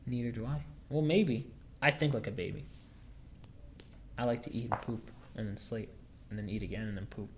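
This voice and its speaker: A man's voice: mid-range voice, moderate pace, long pauses, a little hiss or hum. A young man hosting a podcast, telling rambling, jokey stories in casual chat with lots of fillers. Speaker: podcast host.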